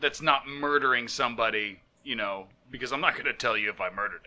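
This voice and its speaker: A man's voice: medium pitch, fast, hardly any pauses, bright, forceful tone. A man co-hosting a podcast in casual chat, joking and laughing as he tells stories. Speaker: podcast co-host. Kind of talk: casual chat and reading a mock news story. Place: living in Florida.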